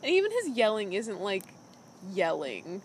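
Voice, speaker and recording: A woman's voice: mid-range voice, unhurried, slight background noise. Chatty woman retelling a story. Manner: chatty, animated retelling with quoted asides. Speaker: podcast co-host recapping a show. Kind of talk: casual chat.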